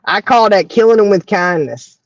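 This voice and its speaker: A woman's voice: medium pitch, animated, normal speed, no room sound. A woman in casual chat, laughing often and quoting herself with attitude. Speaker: co-host. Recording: dry, dull lo-fi sound.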